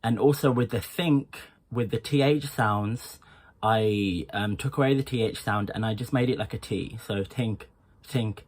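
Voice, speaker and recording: A young man gives an unhurried, explanatory tutorial, pausing often. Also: fairly low pitch, a little mellow. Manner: unhurried, explanatory, with frequent pauses. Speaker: accent coach. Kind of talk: informal tutorial.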